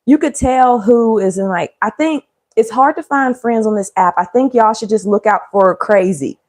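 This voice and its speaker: A woman's voice: fairly high pitch, moderate pace, a little mellow. A woman chatting casually and joking with viewers during a cooking livestream. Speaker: livestream host.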